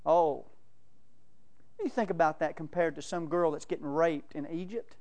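A man's voice: fairly high pitch, steady tone, moderate pace, a little mellow. A man preaching a sermon, telling folksy stories and laughing between them. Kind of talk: sermon with storytelling.

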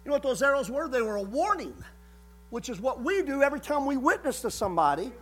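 A man's voice: very high voice, sing-song, fast, a bit bright, slightly rough. A man preaching a sermon in a folksy way, repeating words and briefly acting out the people he quotes.

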